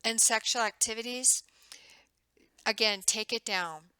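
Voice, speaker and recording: A woman's voice: a little high, a little slow, sharp tone, smooth, no echo, rough recording. A woman instructor giving a recorded lecture in a conversational way, acting out the questions she would ask patients. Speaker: nursing instructor.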